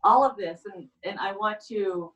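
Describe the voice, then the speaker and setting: A woman doing a stand-up comedy set with a rambling, halting deadpan delivery, often trailing off and restarting. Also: medium pitch, highs cut off. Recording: echoey room, far from the mic.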